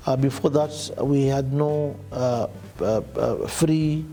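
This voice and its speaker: A man's voice: medium pitch, slow pace, dark tone. A man, a county health official, reporting on hospital projects with many fillers. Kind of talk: spoken report to camera.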